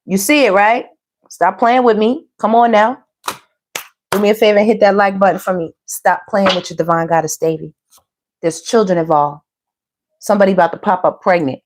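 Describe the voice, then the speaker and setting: Sassy woman doing a casual tarot reading. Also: medium pitch. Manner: sassy, animated, slangy, talks to viewers as "baby" and "y'all". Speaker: tarot reader.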